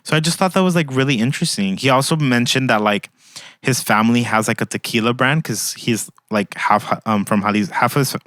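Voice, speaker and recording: A man's voice: mid-range voice, a little fast, no room sound, studio quality. A young man hosting a podcast, telling a casual story full of "like" and acted-out quotes. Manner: chatty, heavy use of "like", quotes others in animated voices. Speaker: podcast host.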